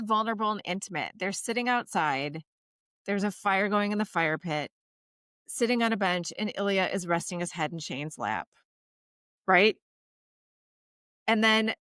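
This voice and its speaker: A woman co-hosting a podcast in casual chat, retelling a scene with animated emphasis and slowing down on key words. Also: mid-range voice, no room sound. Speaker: podcast co-host.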